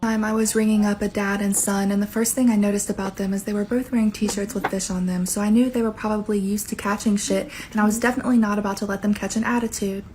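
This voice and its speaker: A woman cashier telling a funny work story with sassy deadpan jokes. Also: medium pitch, fast talker, hardly any pauses, slight background noise. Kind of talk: comedic storytime.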